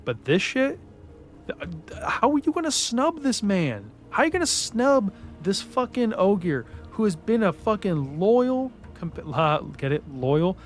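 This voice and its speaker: A man's voice: sits high, very animated, unhurried, soft background music. A man giving a casual spoken book review in a heated, profanity-heavy rant.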